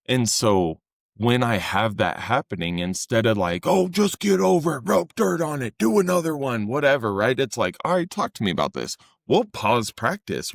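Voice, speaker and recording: A young man with a fairly low voice talks earnestly on a casual podcast about coaching. He speaks close to the mic in a dry, dead room, and now and then he acts out quotes in a louder, higher voice. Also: dry recording. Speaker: fitness coach and podcast co-host.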